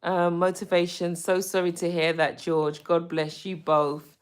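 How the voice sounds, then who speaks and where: Uk lady doing a casual livestream, talks slow, says um a lot, gets all gushy with viewers. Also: fairly low pitch, clear, resonant tone. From United Kingdom. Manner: slow, chatty, gushing when excited, many ums. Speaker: livestream host. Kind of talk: casual live-stream chat with viewers.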